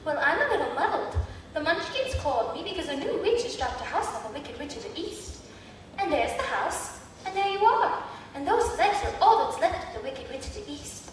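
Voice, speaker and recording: A woman's voice: high-pitched, very animated, moderate pace, slight background noise. A teenage girl playing a kind, cheerful good witch in a school stage play, with a sweet, sing-song delivery. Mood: gentle. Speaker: student actor. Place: large school auditorium. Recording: echoey hall from far off.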